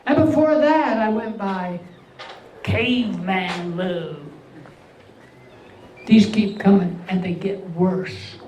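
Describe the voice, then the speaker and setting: In a veterans' hall event room, an older man whose voice is unusually high delivers a stand-up set of deadpan one-liners, leaving a pause before every punchline. It's captured by a distant mic, with hall echo and a faint hum.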